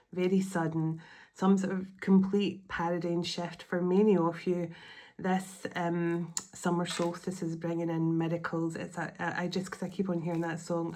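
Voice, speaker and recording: A woman who hosts a psychic channel, chatting casually, gushing with thanks and rambling with fillers and restarts. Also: fairly low pitch. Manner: warm-hearted, rambling, effusive with gratitude, many fillers and restarts. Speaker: psychic medium and channel host. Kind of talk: casual spiritual video chat.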